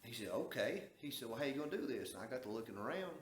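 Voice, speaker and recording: Folksy Southern male storyteller, mid-pitched, recorded in a roomy space. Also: expressive, racing. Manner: folksy, drawling, acts out quoted dialogue. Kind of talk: casual storytelling. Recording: echoey room.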